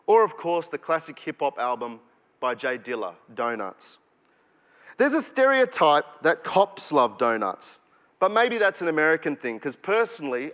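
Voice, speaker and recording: Punchy Australian spoken-word poet, bright voice. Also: male voice, on the high side. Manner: rhythmic, punchy delivery with sudden drops and bursts. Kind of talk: spoken-word poetry performance. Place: performance hall. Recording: long hall reverb.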